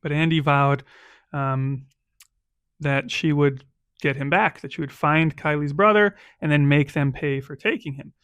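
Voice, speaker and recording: A man's voice: fairly high pitch, unhurried, fairly bright tone, smooth, no room sound, dull audio. A man narrating a solo tabletop game recap as game master, loose and conversational. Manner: loose, conversational, checks in with "right?".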